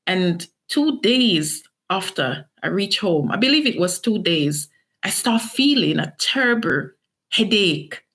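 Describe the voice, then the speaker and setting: A woman's voice: medium pitch, very animated, slow, fairly bright tone. A middle-aged woman from Jamaica, earnestly and emotionally telling her own story in an interview. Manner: earnest, emotional retelling with acted quotes. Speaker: author and interview guest. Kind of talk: personal story told in an interview.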